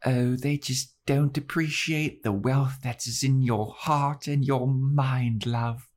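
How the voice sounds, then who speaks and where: A man voicing an eerie, seductive female vampire in a breathy, sing-song high voice. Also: fairly even intonation, slow, a little mellow.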